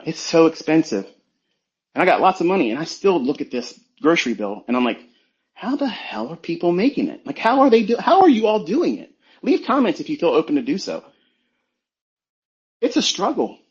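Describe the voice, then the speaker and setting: A man's voice: medium pitch, dull audio. A man giving a blunt, profane motivational talk as a trading mentor on a live audio stream.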